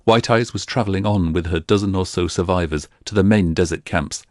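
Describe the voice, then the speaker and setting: Man, audiobook narrator, very low voice, steady storytelling, dry booth sound. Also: brisk, no echo. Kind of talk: scripted fantasy audiobook narration.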